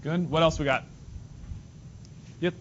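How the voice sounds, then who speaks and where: In a fairly high, steady, unhurried voice, a male math teacher leads his class, joking casually and addressing students by name. It's a dull, lo-fi classroom recording carrying faint noise.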